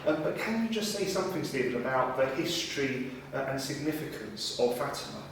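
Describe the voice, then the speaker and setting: A man interviews a guest, asking his questions in a halting way with plenty of fillers. He sounds far from the microphone. A large, very echoey room surrounds his voice, with a faint hiss underneath. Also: medium pitch, animated. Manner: hesitant, with many fillers. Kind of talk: conversational interview.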